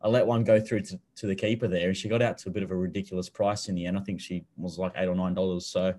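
A man's voice: sits low, level tone, fast, warm tone. A young Australian man co-hosting a betting podcast, chatting loosely, laughing often and swearing casually. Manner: laid-back, laughs often, swears, repeats words. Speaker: podcast co-host. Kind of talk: casual chat.

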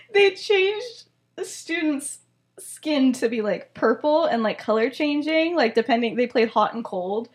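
A woman's voice: high voice, expressive, measured pace. A young woman co-hosting a podcast, retelling a story in casual chat, rambling and filling it with "like" and "um". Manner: rambling, full of "like" and "um". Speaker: podcast co-host.

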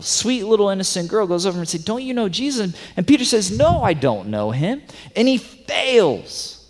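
A male pastor preaching a sermon, swinging from loud emphatic stretches to soft hushed ones. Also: sits high. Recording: long hall reverb.

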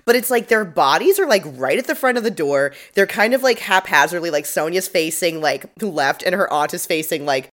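A woman's voice: fairly low pitch, expressive, fairly quick, few pauses. A woman co-hosting a casual podcast, recapping a TV episode in a chatty, profane way and mimicking the characters' lines. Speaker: podcast co-host.

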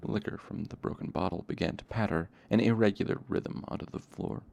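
A man reading a novel aloud in a plain, steady narration. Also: on the low side, brisk, creaky. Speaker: audiobook reader.

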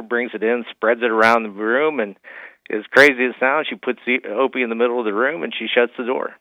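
Low-voiced man on a tinny phone line. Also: dry recording. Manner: folksy, many fillers. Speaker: financial advisor. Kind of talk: phone-in radio guest, storytelling.

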